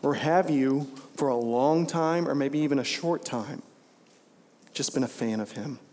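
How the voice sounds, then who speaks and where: A pastor preaching a sermon to his congregation in an animated way, acting out lines in different voices. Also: unhurried, big-room sound. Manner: animated preaching, acts out voices with big pitch jumps. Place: church sanctuary.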